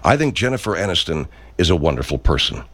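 A man in an improvised comedy sketch, speaking in a solemn, earnest and halting way. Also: low-pitched, sing-song, fairly bright tone, dry recording.

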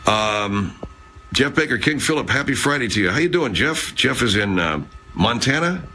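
A man's voice: medium pitch, lively intonation, normal speed, bright, forceful tone. A man hosting a casual live chat, rambling, swearing, and reading out viewer comments. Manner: rambling, profane, chatty. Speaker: livestream host.

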